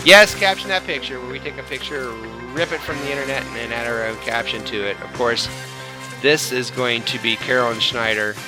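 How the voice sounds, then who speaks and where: A man's voice: mid-range voice, steady tone, fairly quick, music in the background. A man hosting a casual fan-show podcast, upbeat, laughing often and stumbling over repeated words. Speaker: podcast host.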